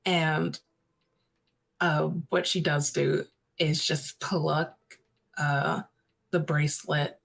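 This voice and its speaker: A woman narrating as a guest player in a fantasy storytelling game, halting with many uhs. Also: deep voice, flat delivery, gravelly, poor audio.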